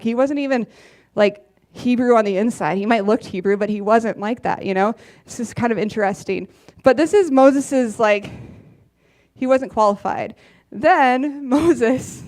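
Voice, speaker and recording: A woman preaches in a loose, conversational way in a church. She talks in an easy, chatty manner, laughing often and filling her sentences with casual asides. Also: mid-range voice. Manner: chatty, laughing, many "like" fillers. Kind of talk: casual sermon.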